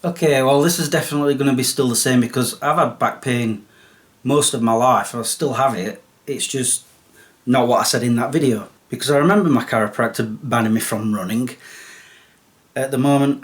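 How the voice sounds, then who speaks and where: A man's voice: mid-range voice, normal speed. A man hosting his own comedy vlog, talking in a sarcastic, chatty way. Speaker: vlogger host.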